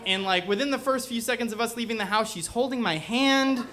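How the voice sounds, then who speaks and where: A man's voice: extremely high pitch, brisk, hardly any pauses, noisy background. A young man telling a personal story on stage to a live audience, in a casual, rambling way full of "like" fillers. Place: bookstore event before a live audience.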